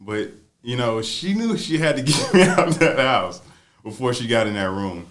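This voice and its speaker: A man co-hosting a casual podcast, telling a story to his friends. He acts out every quoted line and breaks into laughter often. His voice sits in an ordinary middle pitch. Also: animated, moderate pace, a bit bright. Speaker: podcast co-host.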